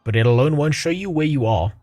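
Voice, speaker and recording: A man's voice: on the high side, expressive, fast talker, darkish tone, dry recording, faint music behind. A man reading aloud the lines of a cheerful bug mapmaker from a video game. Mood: friendly. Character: chatty male bug mapmaker, cheerful wanderer.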